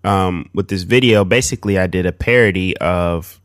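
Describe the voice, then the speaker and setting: A man co-hosting a podcast in casual chat, relaxed and halting with many fillers. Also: low-pitched, no echo. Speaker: podcast co-host.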